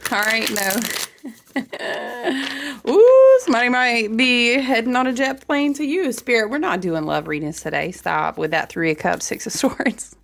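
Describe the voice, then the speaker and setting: A woman's voice: on the high side, lively intonation, measured pace, gravelly. A woman, chatting playfully with viewers as a tarot reader, laughing often. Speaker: tarot reader and astrology vlogger. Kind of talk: casual chatty livestream talk.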